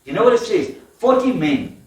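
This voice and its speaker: High-voiced man preaching in an echoey church. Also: moderate pace, far from the mic. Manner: lively storytelling with laughs and questions to the congregation. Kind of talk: sermon. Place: church hall. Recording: echoey church hall from afar.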